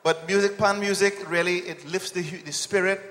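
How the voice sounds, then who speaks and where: A man's voice: high-pitched, fairly even intonation, fairly quick, fairly bright tone, in a large hall. Earnest man urging donations. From Trinidad. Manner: earnest, preachy. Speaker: church musician guest. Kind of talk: television appeal.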